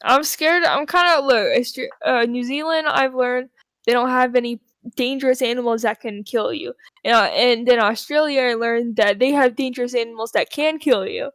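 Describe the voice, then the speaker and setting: A woman talks easily and laughs a lot, using plenty of casual slang. Her voice sits a little high. The sound is dry, with no echo. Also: moderate pace. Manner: relaxed, giggly, slangy. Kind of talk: casual chat.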